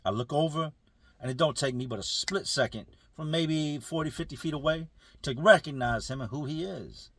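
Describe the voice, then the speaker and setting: A man's voice: on the high side, moderate pace, fairly bright tone, no room sound. A man telling a prison story casually to viewers, using street slang and speaking to them directly.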